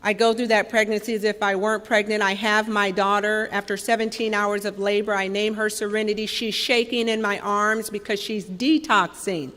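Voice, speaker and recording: A woman's voice: medium pitch, flat delivery, moderate pace, few pauses. Candid woman in an echoing hall. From Los Angeles, California. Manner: candid, wry, raw, with emphatic swells and soft drops. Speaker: speaker sharing a recovery story. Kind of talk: personal recovery talk. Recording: long reverb from a hall.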